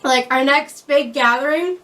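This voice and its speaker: A woman's voice: high-pitched, unhurried, pushed and bright. A woman casually chatting as she tastes homemade food, enthusiastic and sometimes talking with her mouth full. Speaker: vlog co-host. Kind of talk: casual food tasting chat. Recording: voice a little far from the mic.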